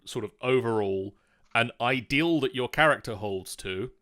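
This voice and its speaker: A man's voice: medium pitch, normal speed, a bit bright. A man running a tabletop game on a live stream, patiently explaining the rules step by step and reading out chat messages. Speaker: game master.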